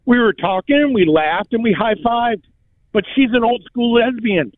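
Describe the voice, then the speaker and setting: A man with a high voice rambles along in slangy, halting casual chat, restarting his sentences often. He is heard over a thin, phone-like line with no room sound at all. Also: no echo. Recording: tinny phone line, dry.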